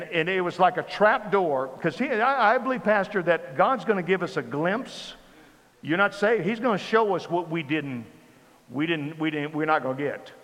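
Man preaching in a reverberant hall. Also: on the high side. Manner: animated storytelling with repeated phrases. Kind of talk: sermon testimony.

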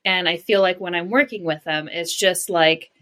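A woman co-hosting a podcast, enthusiastic and expressive in casual conversation, often laughing. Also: lowish voice, normal speed. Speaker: podcast co-host.

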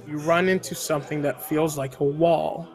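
A man narrating a tabletop game as game master, in a slow, theatrical way. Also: on the high side, fairly even intonation, darkish tone, some chatter behind.

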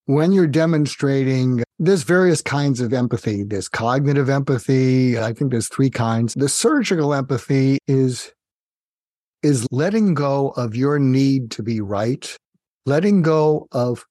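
A man, a psychiatrist guest, telling a story in a lively, engaging way and speaking directly to the host. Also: medium pitch, a little slow, no room sound, studio quality. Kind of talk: conversational storytelling.

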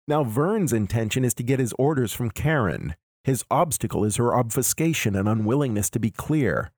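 Male podcast host, analytical lecturer, even middle voice, dry booth sound. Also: medium pitch, no echo. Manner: measured, explanatory.

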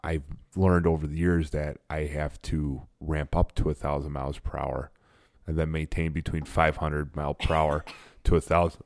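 Very deep gravelly man in his forties. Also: flat delivery, moderate pace, dry recording, clean studio sound. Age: 40s. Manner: blunt and emphatic, self-described sarcastic. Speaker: interview guest. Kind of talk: casual interview talk.

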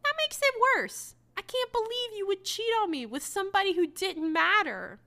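A woman's voice: high voice, huge pitch swings, a little slow, a bit bright, full character voice. A woman voicing a betrayed, self-righteous husband in a mocking, indignant reading.

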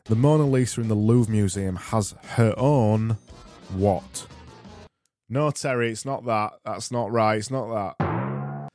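A low, dark-toned man with a Barnsley accent hosts a solo podcast in a rambling, sarcastic and self-mocking way. Faint music plays behind him. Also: unhurried. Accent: Barnsley, Yorkshire. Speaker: podcast host. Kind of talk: solo podcast with quiz segments.

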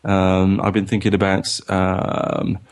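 A man co-hosting a podcast, talking casually and hesitantly with many pauses and fillers. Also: deep voice, monotone, smooth. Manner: thoughtful, hesitant, many ums. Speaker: podcast co-host.

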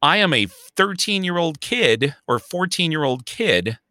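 Bright-voiced man with a Chicago accent. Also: fairly high pitch, a little slow, dry recording, clean studio sound. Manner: storytelling, animated, swears freely. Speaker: podcast co-host. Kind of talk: casual chat.

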